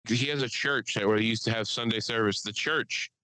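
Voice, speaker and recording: Podcast guy swearing a lot and telling stories, animated, dry close sound. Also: on the low side, brisk, clear, resonant tone, dry recording, poor audio. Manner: profane, animated storyteller. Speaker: podcast co-host. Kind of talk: casual chat.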